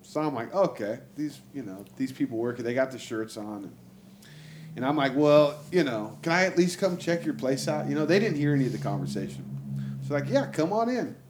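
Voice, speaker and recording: A man telling a long road-trip story in casual, profane chat, jumping into higher voices to act out what people said. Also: a little fast, background noise. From Texas. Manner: animated, acts out quotes in a raised voice, lots of "like" and swearing. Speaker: storyteller guest.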